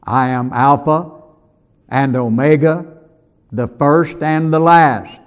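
A man preaching a sermon, slow and emphatic, rising to loud declarations and dropping to near whispers, calling his listeners "hon". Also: on the high side, clear, resonant tone. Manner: slow, emphatic preaching with swells and drops in volume.

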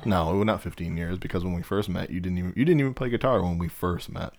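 A man's voice: low voice, fast, a little mellow. A man co-hosting a casual live show, teasing his friend with joking banter. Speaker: co-host. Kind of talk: casual chat.

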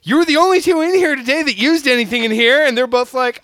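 A man's voice: extremely high pitch, fast talker, hardly any pauses, fairly bright tone, clear, resonant tone, no room sound, clean studio sound. A man in a casual chat, recounting an anecdote in an easygoing way.

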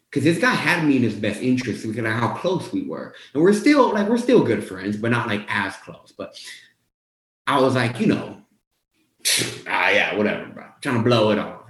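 Young male motivational coach, casual storyteller who acts out his own past lines, mid-pitched, recorded in a roomy space. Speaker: weight-loss coach. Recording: roomy echo.

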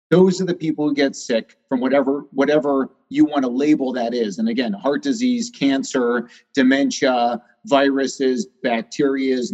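A man's voice: mid-range voice, darkish tone. A male doctor, a guest on a podcast, talking emphatically with many fillers. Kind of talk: interview talk. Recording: slightly dull, lo-fi sound.

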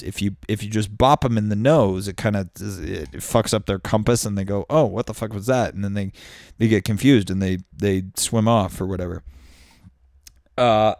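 A podcast host's solo monologue rambles through crude extended metaphors, self-mockery, and plenty of swearing. His fairly low voice is gravelly with a darkish tone, and the studio microphone gives a clean, dry sound.

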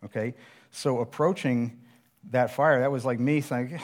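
Middle-aged male preacher, conversational and self-deprecating, mid-pitched voice, sermon with storytelling. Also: steady tone, a little slow.

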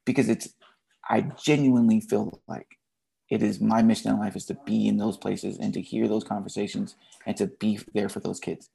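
Man, gravelly voice, dark mellow tone, blunt, emotional, casual slang, interview guest. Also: fairly low pitch, steady tone, normal speed. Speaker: teacher, podcast guest. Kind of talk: candid interview storytelling.

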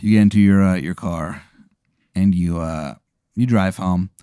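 A man's voice: deep voice, measured pace, dark tone, clear, resonant tone, no echo, clean studio sound. A man improvising an absurd second-person story, rambling and profane with many fillers. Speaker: comedy podcast host.

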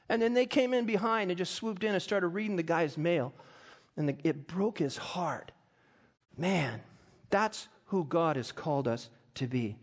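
A middle-aged man preaching from the pulpit in a high, ringing voice. He reads scripture and tells stories, and his voice climbs into loud, fervent peaks. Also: animated, measured pace. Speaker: pastor. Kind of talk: sermon.

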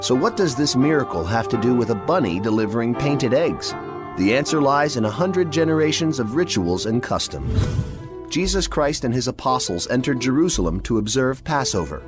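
Lively male history narrator over music. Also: medium pitch, normal speed. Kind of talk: scripted narration.

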